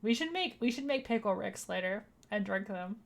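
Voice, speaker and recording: A woman's voice: medium pitch, lively intonation, a little fast. A woman streaming a game, giving playful, jokey casual commentary and reading the game's lines aloud. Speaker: vtuber streamer. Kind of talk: casual let's-play commentary. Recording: game music playing clearly behind.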